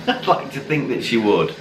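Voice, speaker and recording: A man's voice: medium pitch, sing-song, measured pace. A tipsy man, rambling, swearing and mocking himself as he chats to camera at home. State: tipsy from drinking. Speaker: YouTube channel host. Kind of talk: casual chat to camera. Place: dim room at home, lit by Christmas lights. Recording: echoey room with faint background noise.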